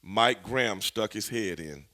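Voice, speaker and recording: A man, a former wrestler, telling stories as an interview guest in an animated, profane way, laughing as he goes. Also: fairly low pitch, a little slow. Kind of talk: storytelling in a shoot interview.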